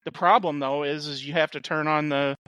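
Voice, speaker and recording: A man's voice: a little high, steady tone, brisk, bright, forceful tone, clean tone, no room sound, low-quality recording. A man co-hosting a movie podcast, critical and exasperated in casual chat. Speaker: podcast co-host.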